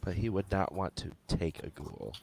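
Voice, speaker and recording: A man playing in a tabletop role-playing game, asking halting, unsure questions. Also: low-pitched, vocal fry, darkish tone, slight background noise. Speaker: player.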